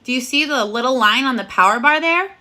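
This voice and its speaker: A woman's voice: sits high, animated, brisk, bright, forceful tone. A woman teaching a recorded phonics lesson to first graders, speaking in a cheerful, sing-song voice and praising the children often.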